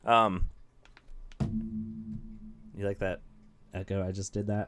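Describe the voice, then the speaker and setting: A man's voice: lowish voice, steady tone, takes it slowly, pauses often, a bit bright, a little hiss or hum. A young man hosting a podcast, talking in a casual, rambling rant with lots of fillers and self-mocking asides. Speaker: podcast host. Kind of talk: casual ranting monologue.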